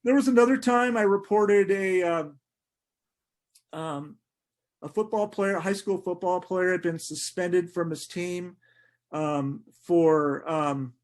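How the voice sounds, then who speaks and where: A middle-aged man, a sports writer, telling animated anecdotes in a podcast interview, laughing often and restarting sentences. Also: high voice, slow pace.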